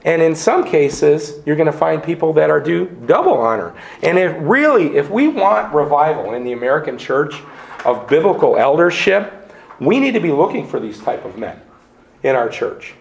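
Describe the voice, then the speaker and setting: Earnest preacher man with gravelly voice. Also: fairly high pitch, sing-song, normal speed. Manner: earnest, emphatic, repeats words while building a point. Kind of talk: sermon. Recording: echoey room.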